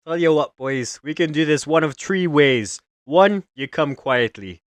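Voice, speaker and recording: A man voicing a gruff, bossy male city guard. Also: fairly high pitch, unhurried, no echo, lightly acted.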